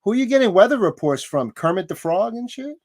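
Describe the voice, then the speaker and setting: A co-host on a sports podcast live stream, laughing often and dropping quick one-liners. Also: medium pitch, big pitch swings, a crowd in the background. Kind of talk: casual live-stream chat.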